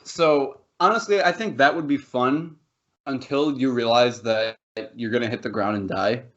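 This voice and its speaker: A man's voice: medium pitch, normal speed, fairly bright tone. A man co-hosting a podcast, rambling and laughing through loose banter with plenty of swearing. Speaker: podcast co-host. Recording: dull lo-fi podcast audio.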